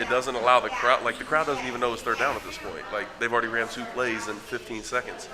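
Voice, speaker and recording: Chatty young man, low voice. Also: fast, few pauses. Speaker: football player guest. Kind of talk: casual live show interview. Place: busy restaurant with crowd chatter. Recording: live event with crowd noise.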